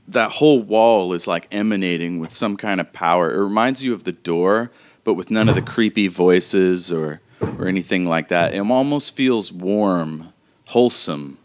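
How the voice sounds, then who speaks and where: Male game master, lower voice, relaxed casual narration. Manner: loose, casual, laughing often.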